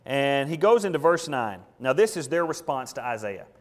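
A man preaching an expository sermon, emphatic, with sudden swings between loud declarations and hushed asides. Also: mid-range voice, sing-song, moderate pace, in a large hall. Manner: emphatic, mocking voices of scoffers, dramatic swings in loudness.

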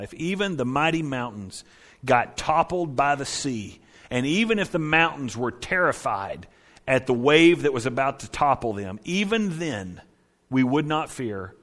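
A man preaching a sermon, reading scripture aloud and swinging between quiet, hushed lines and loud, emphatic ones. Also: mid-range voice. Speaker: pastor.

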